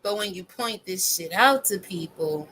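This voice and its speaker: A woman's voice: mid-range voice, lively intonation, measured pace, pushed and bright, rough recording. A woman in her fifties ranting casually to her viewers, blunt and emphatic, cursing heavily. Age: 50s. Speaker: vlogger. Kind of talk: profane casual rant.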